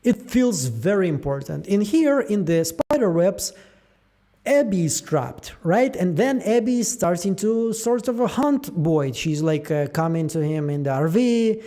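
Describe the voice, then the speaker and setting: High-voiced man musing over show theories. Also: measured pace. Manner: musing aloud, animated, trailing fillers. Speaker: show theory channel host. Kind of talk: casual theory breakdown.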